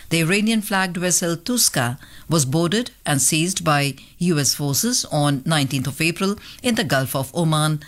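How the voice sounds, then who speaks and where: Woman reading radio world news. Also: low-pitched. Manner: measured formal delivery. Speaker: newsreader.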